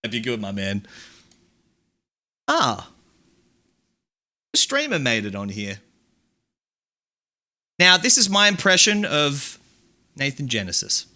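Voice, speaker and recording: A male streamer hosting a casual countdown of chat quotes. His voice is bright and sharp, pitched a little high, and he drawls along slowly while swinging widely in pitch between dry asides. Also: wildly swooping pitch. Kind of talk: casual live-stream commentary.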